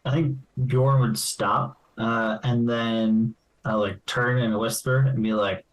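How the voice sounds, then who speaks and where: A man's voice: medium pitch, steady tone, takes it slowly, hardly any pauses, poor audio. Guy player, mid voice, tentative, lots of likes and uhs. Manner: tentative, asks with fillers. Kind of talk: casual tabletop game chat.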